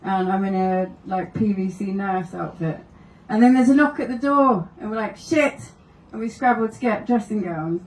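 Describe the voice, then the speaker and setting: A woman's voice: medium pitch, normal speed, hardly any pauses, darkish tone, roomy sound, far from the mic, rough recording. A woman doing stand-up, telling wry anecdotes and laughing through her stories at a live comedy venue. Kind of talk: stand-up storytelling.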